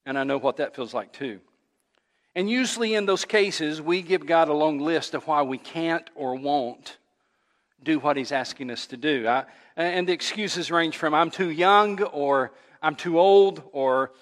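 A man preaching as a pastor, telling a funny story with animated delivery before his sermon. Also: on the high side, normal speed. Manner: animated storyteller who laughs at his own tale. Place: church sanctuary. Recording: long church reverb.

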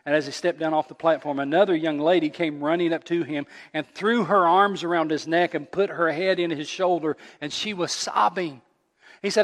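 Preacher in a reverberant sanctuary, man. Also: moderate pace. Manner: storytelling preacher, climbing louder and higher at emotional peaks. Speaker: pastor. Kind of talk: sermon.

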